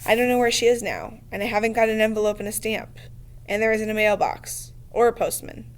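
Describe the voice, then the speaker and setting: A woman's voice: fairly high pitch, fairly even intonation, brisk, lightly acted. Earnest, fussy schoolboy, voiced by a woman reading aloud, anxious and solemn.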